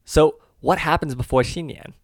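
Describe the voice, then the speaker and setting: A man co-hosting a language lesson, carefully walking through example phrases and slowing down on the key words. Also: fairly high pitch, no echo, studio quality. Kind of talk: scripted explanatory lesson.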